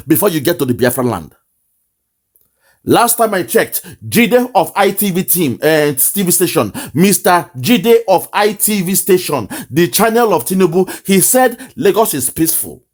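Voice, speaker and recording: A man with a Nigerian accent hosting impassioned online political commentary, fiery and mocking, often breaking into laughter. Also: sits high.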